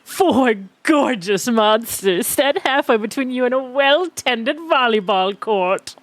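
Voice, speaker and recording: Woman streamer reading out a dating game, jokey and giggly, kinda high voice. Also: expressive, slow pace, no room sound. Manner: playful, laughs often, breaks off to joke. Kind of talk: reading game text aloud with casual commentary.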